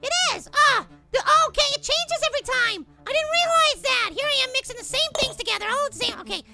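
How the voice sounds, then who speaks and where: A man's voice: expressive, fast talker, creaky, loud music behind the voice, full character voice. A man voicing a tiny, jittery and whiny male apple, chattering frantically and flustered through cartoon game commentary. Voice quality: squeaky, sped-up cartoon voice. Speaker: gaming host. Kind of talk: cartoon let's play commentary.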